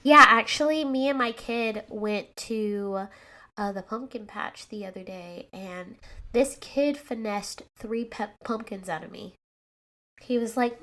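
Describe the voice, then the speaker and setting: A mother co-hosting a podcast, telling a lively story about her child in a casual, animated way. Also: a little high, a little slow. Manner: animated, acts out a child's voice in anecdotes.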